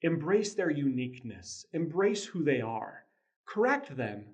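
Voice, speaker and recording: A man's voice: a little high, very animated, measured pace. Earnest man telling a parenting story. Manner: earnest storytelling with chuckles and frequent restarts. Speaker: podcast host, father. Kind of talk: casual motivational talk.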